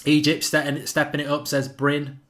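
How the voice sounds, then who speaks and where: A man's voice: a little high, monotone, moderate pace, fairly bright tone. A man hosting a live football watchalong, chatting casually and reading out viewer comments. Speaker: watchalong host.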